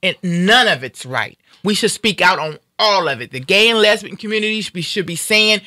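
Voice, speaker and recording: A woman's voice: medium pitch, expressive, moderate pace, few pauses, bright, forceful tone, no echo, studio quality. A Black American woman hosting a live stream, speaking out in anger with fierce emphasis in casual, heated talk. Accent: African American. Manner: angry, fiery, emphatic.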